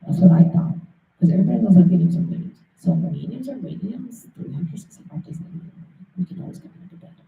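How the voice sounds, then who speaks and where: A man's voice: sits high, lively intonation, fast talker, creaky, recorded from a distance, a little hiss or hum. A man rambling in a restless, profane stream of talk, often repeating himself. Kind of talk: rambling monologue. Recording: tinny phone-like sound, roomy, off-mic.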